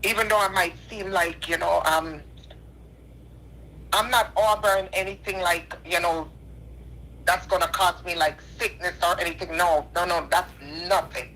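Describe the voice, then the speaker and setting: Crying woman calling in, bright tense voice, preachy and earnest, noisy phone line. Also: fairly low pitch, steady tone, moderate pace. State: tearful. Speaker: caller. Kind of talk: emotional call-in apology.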